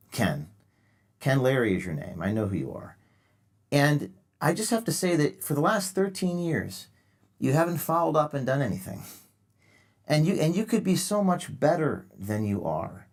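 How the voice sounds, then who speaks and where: Male call-in host, sarcastic mock-earnest lecturing tone, mid pitch. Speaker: show host taking calls. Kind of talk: live call-in show.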